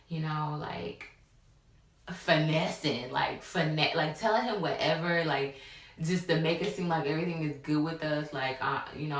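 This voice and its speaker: Young woman, lowish voice, casual storytelling, echoey room, distant mic. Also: moderate pace, fairly bright tone. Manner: casual, many fillers, acts out quotes. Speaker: vlogger. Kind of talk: storytime vlog.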